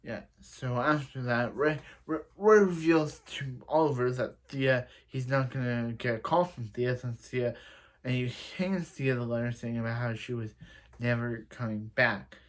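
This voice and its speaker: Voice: medium pitch, fairly even intonation, measured pace. A person giving a casual, rambling recap of a TV episode, with many restarts and fillers. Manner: acts out quoted lines in other voices. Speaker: show reviewer.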